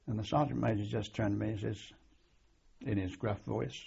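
An older man recalling his wartime service in an oral history interview, halting often with ums and restarts. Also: lowish voice, fairly even intonation, gravelly, darkish tone, slightly rough, lo-fi sound. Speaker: veteran interviewee.

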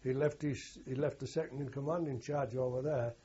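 An older man tells a long oral-history story in a rough, earthy and rambling way, often stopping to correct himself. His voice is dark and very husky. The recording is dull and lo-fi. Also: mid-range voice, steady tone, brisk. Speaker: war veteran interviewee.

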